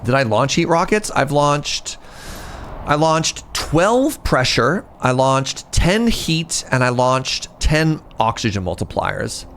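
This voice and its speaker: Guy streaming a game, slow easygoing talk, jokey with chat, voice goes up and down a lot. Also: medium pitch, expressive, a bit bright, slight background noise. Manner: playful, joking, thinks aloud. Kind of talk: casual gameplay chat with viewers.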